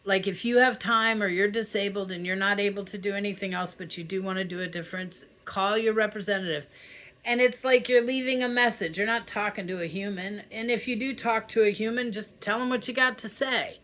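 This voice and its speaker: A woman's voice: medium pitch, steady tone, a little fast, a bit bright. A woman hosting a spiritual channel, talking straight to her viewers in a casual, heartfelt way, reassuring them and often checking in with "okay?". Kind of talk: casual heartfelt talk to camera.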